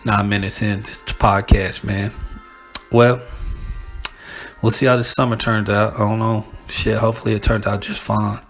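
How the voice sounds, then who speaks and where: A man's voice: fairly low pitch, little pitch movement, moderate pace, vocal fry, fairly bright tone, faint music behind. A man hosting a podcast, rambling casually with profanity and laughing asides. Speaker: podcast host. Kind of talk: casual monologue.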